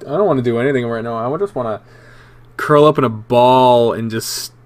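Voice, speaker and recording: A man's voice: mid-range voice, brisk. A man hosting a casual viewer Q&A, reading comments aloud in a rambling, self-mocking way and swearing freely. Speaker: channel host answering viewer questions.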